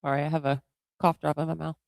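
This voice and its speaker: A woman's voice: low-pitched, flat delivery, fast, creaky, darkish tone, dry recording. Woman, livestream co-host, blunt, defiant, casual chat, dry sound.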